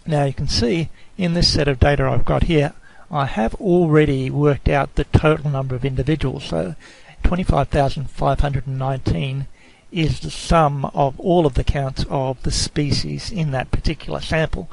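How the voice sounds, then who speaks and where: A lecturer walks through a screencast tutorial on a statistics program, explaining slowly and carefully and sometimes correcting himself mid-sentence. His voice is a little high and gravelly, and the recording quality is low.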